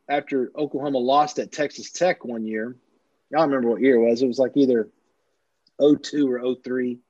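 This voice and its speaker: A man who is a sportswriter, telling animated anecdotes with frequent restarts in a casual interview, on a slightly dull recording. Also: mid-range voice, no echo. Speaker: sportswriter guest.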